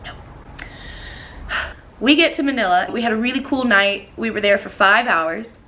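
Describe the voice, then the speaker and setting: Woman, high bright voice, animated profane storytime vlogger. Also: moderate pace. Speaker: vlogger telling a dating story. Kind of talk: storytime vlog.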